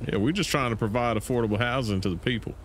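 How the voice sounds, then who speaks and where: A man's voice: medium pitch, fast, slight background noise. A man in game roleplay who laughs constantly and talks in a joking, casual way. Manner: giggly, laughs often. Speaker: roleplayer, streamer. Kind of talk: in-character improvised game roleplay.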